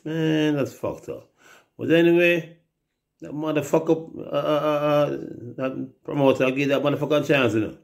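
A man's voice: on the high side, normal speed, creaky. A Jamaican man telling rambling, profane stories in casual chat, often mimicking other people's voices. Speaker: reggae artist telling stories on a livestream.

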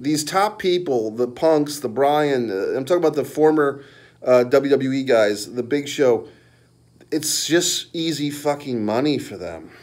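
A man's voice: on the high side, darkish tone. A middle-aged man ranting about pro wrestling in an angry, profane, mocking monologue. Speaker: wrestling commentary vlogger.

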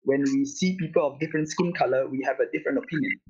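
A man from Malaysia calling into a live stream, speaking haltingly with lots of pauses and fillers. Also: mid-range voice, a little mellow, breathy edge. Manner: hesitant, many fillers and restarts. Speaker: guest caller. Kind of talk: casual chat on a stream. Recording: dull lo-fi call audio.

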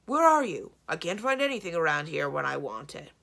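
A woman voicing a grumbling, complaining male giant who calls out loudly. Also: on the low side, big pitch swings, fairly quick, gravelly, exaggerated voice. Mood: shouting.

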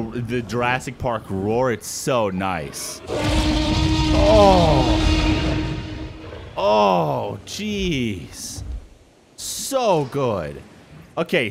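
A young man giving excited let's-play commentary, swearing and exclaiming often. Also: medium pitch. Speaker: gameplay commentator.

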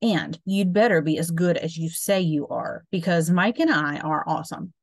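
A bossy, boastful schoolboy who likes to be in charge, read aloud by a woman. Low-pitched, close and dry. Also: normal speed, vocal fry, no echo.

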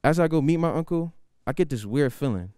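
A man's voice: fairly high pitch, brisk, clean tone, dry recording. A young man doing stand-up, telling a story in a conversational way in a university TV studio. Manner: animated, conversational. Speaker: stand-up comedian.

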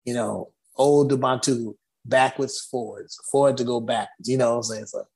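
A man guest on an interview podcast, telling stories with animated energy, acting out dialogue and laughing often. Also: medium pitch, normal speed, vocal fry. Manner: acts out dialogue and vocalizes drum rhythms. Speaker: guest musician. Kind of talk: animated storytelling.

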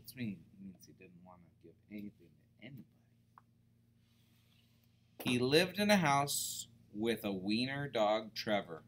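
Man reading to children, lively pitch, slow unhurried pace, bright voice, explains as he goes. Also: a little hiss or hum. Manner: expressive, explains words to kids. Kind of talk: children's picture book read-aloud.

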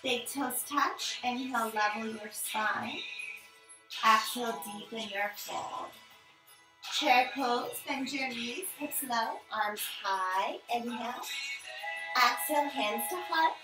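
A woman leading a power yoga class, giving calm, encouraging step-by-step cues. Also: fairly high pitch, slow pace. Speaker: yoga instructor. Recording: echoey room, mic at a distance, music behind.

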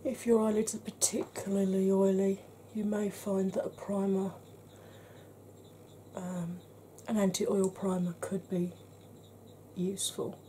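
A woman's voice: mid-range voice, level tone, measured pace, mellow, slight background noise. A middle-aged woman chatting frankly to camera in a makeup review, slipping into a half-whisper while she blends and cracking dry jokes. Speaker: beauty vlogger.

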